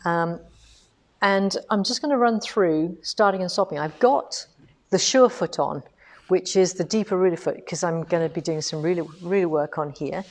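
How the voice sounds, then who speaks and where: A woman's voice: on the low side, normal speed. A woman running a live quilting demonstration from an indoor studio, explaining each step in a chatty, practical way. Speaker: quilting instructor.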